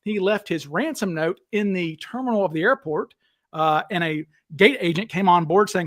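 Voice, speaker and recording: A Southern man with a fairly high voice talks bluntly and combatively as he hosts a live discussion. He is animated and quick to call claims false. The sound is dry and close. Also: no room sound. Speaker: host. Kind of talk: heated livestream discussion.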